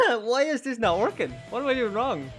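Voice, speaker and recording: A man's voice: very high-pitched, big pitch swings, normal speed, fairly bright tone, faint music behind. A man with a County Monaghan Irish accent, chatting casually and rambling while he streams a game, swearing and laughing often. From Ireland. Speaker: gaming streamer.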